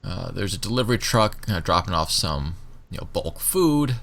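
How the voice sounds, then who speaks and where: A man in a low voice narrating a tabletop role-play as game master, laid-back and full of fillers. His tone is bright and his pitch moves a lot as he sets the scene. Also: moderate pace, creaky. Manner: relaxed, filler-heavy scene-setting.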